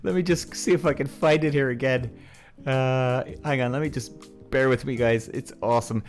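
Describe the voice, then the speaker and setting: A man's voice: mid-range voice, steady tone, normal speed, faint music behind. A man hosting a podcast, telling stories in a casual, frank way, chuckling often and swearing freely. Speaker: podcast host. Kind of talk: casual storytelling.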